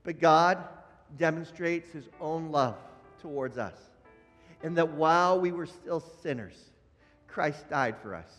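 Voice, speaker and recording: A man preaching a Good Friday sermon with passion, dropping to a hush and then rising loud. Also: fairly high pitch, expressive, slow, long reverb tail, faint music behind. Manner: impassioned preaching, swinging from hushed to loud. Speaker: pastor.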